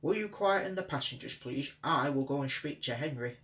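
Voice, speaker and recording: A man's voice: on the high side, lively intonation, a little fast, sharp tone, far from the mic, rough recording. A man voicing a stern but kindly male railway boss, firm and authoritative.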